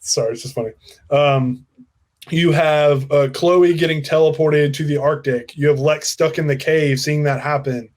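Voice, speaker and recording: A man's voice: on the high side, moderate pace. A young man from the United States co-hosting a casual chat, telling stories in a loose, rambling way. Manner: relaxed, rambling storyteller. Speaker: co-host.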